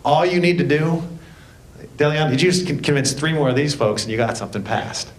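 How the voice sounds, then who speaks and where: A man's voice: lively intonation, a little fast. Man speaking in an echoey room. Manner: folksy, joking asides. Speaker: state representative. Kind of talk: speech at a public meeting. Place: school board meeting room. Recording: echoey room, faint rumble.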